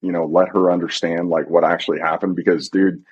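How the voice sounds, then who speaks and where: Husky low-voiced middle-aged man. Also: flat delivery, highs cut off. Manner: halting, soft, frequent fillers. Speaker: guest, retired pararescueman. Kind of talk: reflective interview.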